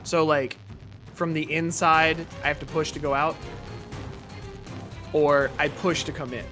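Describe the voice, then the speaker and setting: A man's voice: on the high side, flat delivery, a little slow, sharp tone, soft background music. Hesitant man asking rules questions at a game. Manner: hesitant, full of ums and questions. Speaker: player. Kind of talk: playing a tabletop game.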